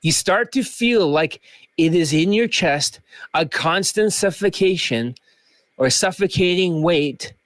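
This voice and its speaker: A man's voice: high voice, animated, slow pace, a bit bright, no echo. A man coach talking in a rambling, joking vlog rant. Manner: rambling, joking, slips into mock accents.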